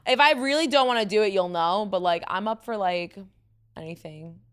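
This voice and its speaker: Young woman podcast host, somewhat deep voice with a touch of fry, chatty and animated, mid-range pitch. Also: moderate pace. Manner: chatty, animated, full of fillers and asides. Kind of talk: casual chat.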